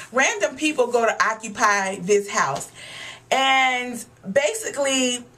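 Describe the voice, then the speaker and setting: A woman's voice: on the high side, fairly bright tone. A young woman vlogger giving a casual, blunt and profane rant reviewing a TV episode. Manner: blunt, profane, exasperated ranting.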